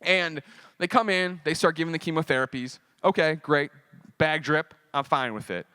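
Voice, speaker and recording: A man with a fairly high voice tells a personal story from a convention stage. He is animated and swears freely, slipping into the voices of the people in his story. The sound is dry and close. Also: normal speed, clean tone, dry recording. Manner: animated, profane, acts out quoted dialogue. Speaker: convention panel speaker.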